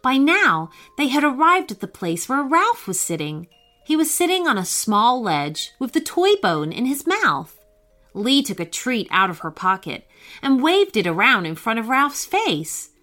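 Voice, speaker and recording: A woman narrating a children's story, reading aloud gently and expressively. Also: high-pitched, very animated, unhurried. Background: faint music.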